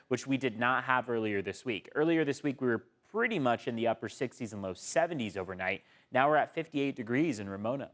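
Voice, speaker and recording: A male TV meteorologist with an American accent, explaining the forecast in a conversational way. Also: medium pitch. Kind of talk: weather forecast.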